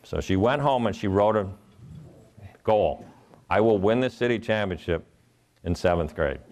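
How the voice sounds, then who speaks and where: Middle-aged male keynote speaker, low register, earnest storyteller who acts out the voices in his stories. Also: expressive, normal speed, darkish tone. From Ohio. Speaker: motivational speaker.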